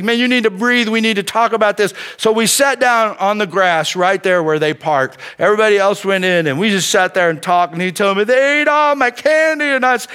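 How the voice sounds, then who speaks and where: A middle-aged preacher with a high, lifted voice and a bright, forward edge to his tone. He tells stories from the pulpit in an animated, conversational way, dropping "man" into his sentences again and again. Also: clear, resonant tone. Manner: animated storytelling, peppered with "man". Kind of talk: sermon.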